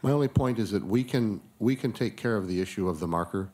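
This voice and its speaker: A man on city staff advising a preservation board, explaining things in a measured way into a desk microphone in a city hall chamber. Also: lowish voice, darkish tone. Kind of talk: public meeting remarks.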